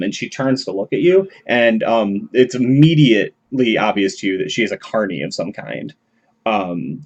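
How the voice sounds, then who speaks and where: A man narrating a tabletop game as game master, talking loosely with many fillers. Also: fairly low pitch. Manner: rambling, many fillers and restarts.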